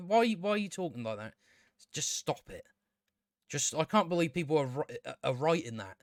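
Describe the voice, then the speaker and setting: A man's voice: fairly high pitch, animated, moderate pace, no room sound, studio quality. A man casually reviewing a show, exasperated and sweary, rambling with many restarts.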